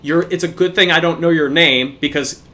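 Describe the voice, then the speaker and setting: A man's voice: a little high, steady tone, a little fast, bright, forceful tone. A young man, a podcast co-host, telling a profane story in casual chat.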